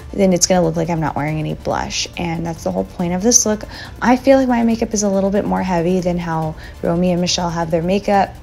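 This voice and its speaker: A young woman talking through a makeup tutorial in a chatty, relaxed, slightly slow and sleepy voiceover recorded as a voice memo. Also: medium pitch, vocal fry. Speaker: beauty vlogger.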